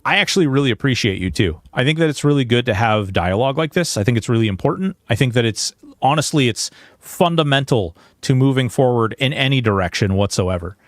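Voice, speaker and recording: A man's voice: mid-range voice, animated, brisk, dry recording, clean studio sound. Earnest, rambling male streamer. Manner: earnest, rambling, with many restarts. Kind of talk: livestream chat and game commentary. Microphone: headset.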